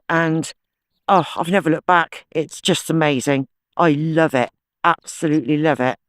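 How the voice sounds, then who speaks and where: A keen, talkative man narrates his finds in a hillside farm field, muttering to himself between digs. His voice sits a little high, and it sounds dry and close. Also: fairly even intonation, moderate pace, fairly bright tone, no room sound. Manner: chatty, enthusiastic, talks to himself while digging. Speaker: metal detecting channel host. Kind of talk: casual outdoor vlog chat. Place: sloping farm field outdoors.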